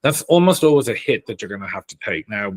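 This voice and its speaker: Animated Dublin man, dry close sound. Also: fairly low pitch, quick pace, no room sound. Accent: Dublin Irish. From Ireland. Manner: animated storyteller who often laughs. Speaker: guest, career coach. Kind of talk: casual interview conversation.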